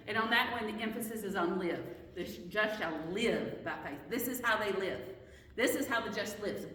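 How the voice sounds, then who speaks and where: A woman's voice: a little high, fairly bright tone. Woman Bible study teacher, earnest and questioning, recorded from a distance in a roomy hall. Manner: earnest, questioning, restarts mid-sentence.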